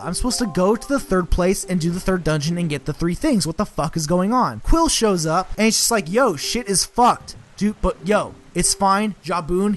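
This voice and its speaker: A young man giving a comedic, sarcastic game recap, swearing constantly and full of filler words. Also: high-pitched.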